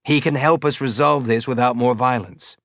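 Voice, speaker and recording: A male audiobook narrator voicing a big, stocky man who pleads earnestly and urgently for calm. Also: mid-range voice, normal speed, dry recording, clean studio sound, lightly acted.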